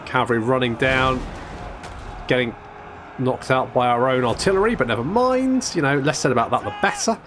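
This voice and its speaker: A man's voice: medium pitch, fairly quick, long pauses, noisy background. A man casually commentating a strategy game, wry and chatty, swearing now and then and restarting his sentences. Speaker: gameplay commentator. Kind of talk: casual let's-play commentary.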